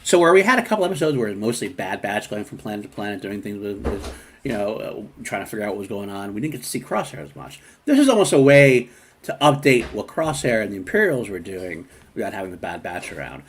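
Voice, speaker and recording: A man hosting a casual podcast chat, talking in an animated, rambling way with many restarts. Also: lowish voice, fast, slight background noise. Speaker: podcast host.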